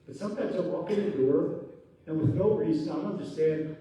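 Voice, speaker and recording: A male rabbi giving an animated Torah class sermon, telling stories and acting out the voices of the people in them. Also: on the high side, brisk. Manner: animated storytelling, acting out quotes, sudden loud bursts. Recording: echoey hall from far off.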